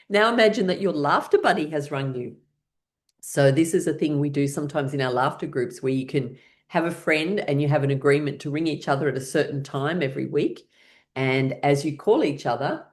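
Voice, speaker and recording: A woman teaching a laughter yoga class, guiding people through exercises in a playful, encouraging way. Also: low-pitched. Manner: playful and encouraging, leads by example.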